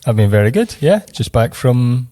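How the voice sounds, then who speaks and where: A man co-hosting a podcast in a relaxed, unhurried way. His tone is dark and mellow, and he drops dry little asides into the conversation. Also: medium pitch. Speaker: podcast co-host. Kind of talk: casual interview chat.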